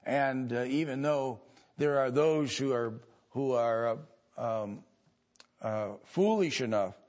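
A male pastor from the United States preaching a sermon, halting and pausing often with many fillers, building to louder emphatic stretches. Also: mid-range voice.

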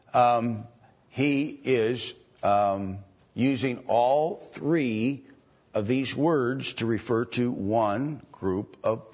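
A man teaching from the Bible in a slow, halting way, with many ums and restarts. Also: mid-range voice, husky. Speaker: preacher. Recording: dull lo-fi recording.

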